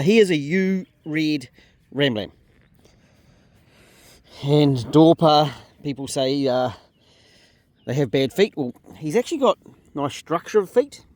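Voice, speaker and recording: A man's voice: medium pitch, a little mellow, dry recording. A New Zealand man who farms sheep, chatting casually outdoors in a paddock, explaining things and talking to his animals. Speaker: sheep farmer and video host. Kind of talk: casual outdoor farm vlog.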